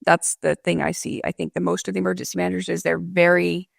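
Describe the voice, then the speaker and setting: A woman emergency management director talks through her approach in a calm, explanatory manner. Her voice is strongly gravelly, full of vocal fry. The recording is dry and close, with no room echo. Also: lowish voice. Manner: measured, explanatory, gives worked examples. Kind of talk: interview guest answer.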